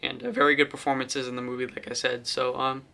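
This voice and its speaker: A young man talks through a film review in a loose, rambling way, full of fillers and restarts. His voice is bright and sits at a middle pitch. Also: level tone, fast talker, vocal fry. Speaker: movie reviewer. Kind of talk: casual vlog review.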